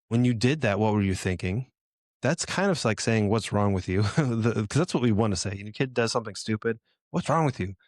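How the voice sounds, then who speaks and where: A middle-aged man hosts a podcast, giving fathers earnest, encouraging, direct advice in a motivational talk. His voice is lowish, with a clean studio sound and no room noise.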